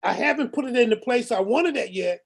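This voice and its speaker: A man speaking up on a group video call, blunt and animated, cursing and repeating himself. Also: very high voice, fairly quick, vocal fry, breathy edge. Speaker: call participant. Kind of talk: casual testimony.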